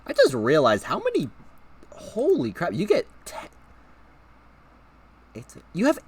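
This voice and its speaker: Animated man streaming a visual novel. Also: sits high, measured pace, pauses often, husky. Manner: animated, reacting with swears and laughs.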